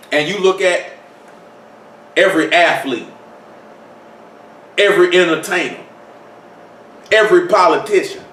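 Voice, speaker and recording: A man's voice: high-pitched, a bit bright, slight background noise. A man preaching an informal sermon, talking conversationally with many rhetorical questions and repeated phrases. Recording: echoey room, mic far off.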